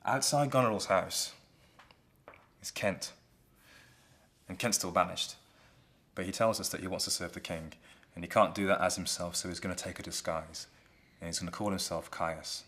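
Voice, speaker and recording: Deep-voiced man casually retelling a play. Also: moderate pace. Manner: relaxed, conversational. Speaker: storyteller.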